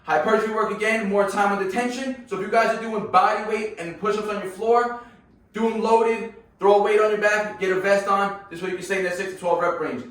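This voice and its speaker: A man's voice: sits high, steady tone, fairly quick, a bit bright. A man coaching a workout in a casual way, often checking in with his viewers. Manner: casual, keeps checking in with "right?" and "guys". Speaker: fitness coach. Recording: echoey room, far from mic, music behind.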